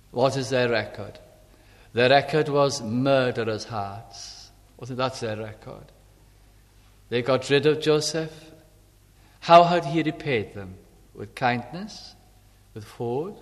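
Preacher in a reverberant hall. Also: male voice, medium pitch. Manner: reads scripture aloud then retells it conversationally. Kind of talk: sermon.

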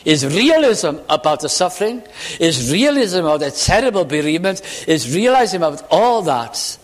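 A man preaching a sermon, reading scripture slowly and explaining it in an earnest, measured way. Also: high voice, very animated. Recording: reverberant hall.

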